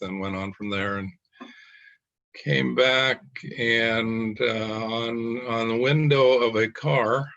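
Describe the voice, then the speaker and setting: A man serving as a pastor speaks slowly in a low, gravelly voice, pausing often and filling the gaps with small sounds. The recording is dull and lo-fi. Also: a bit bright. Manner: slow, halting, many fillers. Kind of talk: reflective group discussion.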